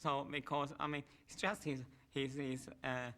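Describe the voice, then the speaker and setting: Cheerful, stumbling fan, bright voice. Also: male voice, mid-range voice, flat delivery. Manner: halting, cheerful. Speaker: fan interviewed.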